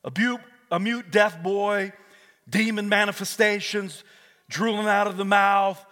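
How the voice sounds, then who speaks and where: A male pastor preaching a fervent sermon, moving between hushed talk and shouts and calling on the congregation to repeat after him. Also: high-pitched, steady tone, a little slow, in a large hall. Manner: calls on the congregation to repeat words. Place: church sanctuary.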